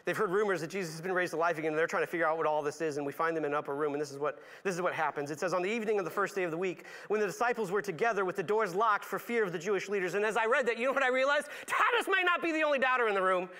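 Animated high-voiced male pastor preaching. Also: very fast, few pauses. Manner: animated, acts out voices of characters with big pitch swings; drops to a soft, low reflective tone at times. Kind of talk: sermon.

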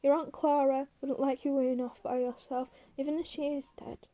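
A woman reading aloud, voicing a gruff, weary ranch hand who scolds his friend. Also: high-pitched, flat delivery, moderate pace, lo-fi sound, lightly acted.

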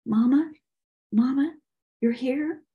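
A woman's voice: medium pitch, unhurried, highs cut off, pitched above the performer's own voice, natural voice. A woman voicing a frightened, simple-minded male henchman who pleads in a tearful, quivering voice. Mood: pleading.

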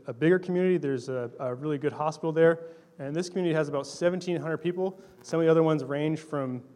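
A man's voice: on the high side, darkish tone. A young adult man giving a casual missionary talk to a congregation, telling stories in a conversational, earnest way with fillers. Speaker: missionary speaking to a church.

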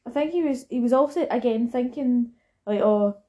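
A woman's voice: on the high side, normal speed, warm tone. A young Scottish woman chatting casually about a film, acting out the characters' lines as she retells scenes.

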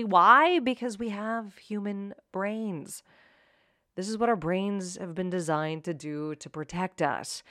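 A woman's voice: medium pitch, a bit bright, no echo, studio quality. Upbeat woman giving a self-help talk. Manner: upbeat, direct address to listener, rhetorical questions.

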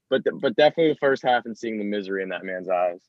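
A man's voice: lowish voice, animated, fairly quick, no room sound. A man co-hosting a podcast while sick, his voice stuffy, joking around in casual chat. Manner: jokey, wry. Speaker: podcast co-host. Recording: dull, dry mic.

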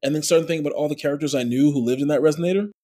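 A man, a voice actor, talking as a guest in a conversational interview, explaining with lively, demonstrative energy. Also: on the high side, rapid-fire.

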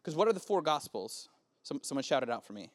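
A youth pastor in his early thirties delivers a casual youth sermon, often asking the room questions. His medium-pitched voice moves at a quick pace with a sing-song lilt.

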